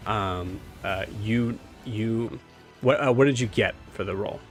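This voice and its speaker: A man narrating as game master, casual and halting with lots of fillers. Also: lowish voice, faint music behind. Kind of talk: running a tabletop game.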